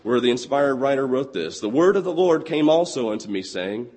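Young male preacher with a hoarse, lost voice; earnest, slow on scripture, in a reverberant hall. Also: medium pitch, animated, a little mellow. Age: 20s. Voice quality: husky. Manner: earnest, quotes scripture slowly and deliberately. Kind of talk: sermon.

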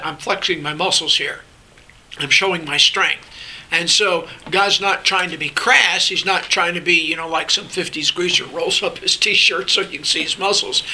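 A man's voice: high-pitched, bright, forceful tone, low-quality recording. An older man teaching through a Bible passage, explaining in a conversational way with frequent restarts. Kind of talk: sermon-style Bible teaching. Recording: faint hiss.

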